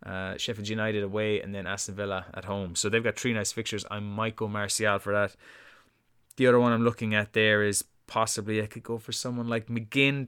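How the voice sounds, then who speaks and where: A man's voice: lowish voice, fairly bright tone, clear, resonant tone. A man co-hosting a casual podcast chat, thinking aloud as he weighs his options. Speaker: podcast co-host. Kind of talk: casual chat about fantasy football.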